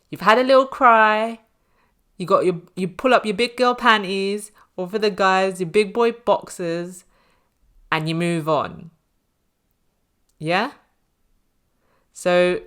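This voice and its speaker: A woman's voice: lowish voice, a bit bright. A woman giving a casual spoken tarot reading, chatty and reassuring, with many "you know" fillers. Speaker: tarot reader.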